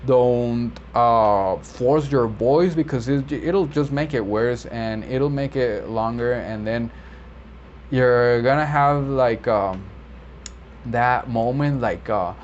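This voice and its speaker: A man who works as a medical interpreter, explaining vocabulary in a relaxed, rambling way with many fillers and self-corrections. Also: medium pitch. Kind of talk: casual explainer video. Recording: slightly dull lo-fi audio with faint background noise.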